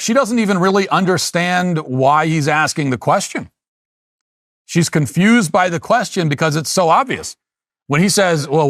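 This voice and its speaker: A man's voice: mid-range voice, a bit bright, dry recording, clean studio sound. A middle-aged man delivering an emphatic monologue as a commentary host, repeating and restarting phrases as he argues. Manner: emphatic, repetitive, with frequent restarts.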